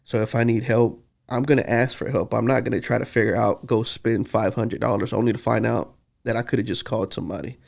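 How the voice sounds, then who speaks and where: A man talks earnestly and from the heart, as a podcast co-host. His voice is gravelly and creaky, sitting at a middle pitch. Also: fairly even intonation, quick pace. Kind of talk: casual podcast conversation.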